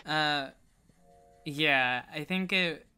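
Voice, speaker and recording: A woman's voice: sits low, drawn-out words, sharp tone, smooth. A woman co-hosting a casual gaming stream, chatting loosely and laughing often while reacting to the game. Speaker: streamer co-host.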